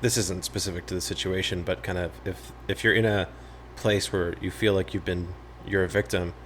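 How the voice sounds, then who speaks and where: A male host with a low-pitched voice talks with his guest in a soft, affirming way. He adds reflective thoughts calmly, over a faint background hiss. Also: a little fast. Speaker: podcast host. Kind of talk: conversational interview.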